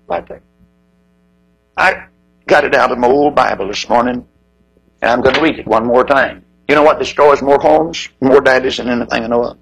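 A man preaching an impassioned revival sermon, swinging from loud high cries to low hushed tones. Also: big pitch swings, normal speed, gravelly, breathy edge, poor audio.

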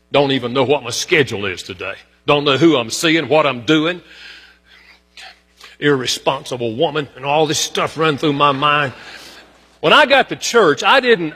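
Bright-voiced preacher in a reverberant hall. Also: male voice, breathy edge. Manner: storytelling preacher who rises in pitch for emphasis and drops low for quiet asides. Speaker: pastor. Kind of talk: sermon.

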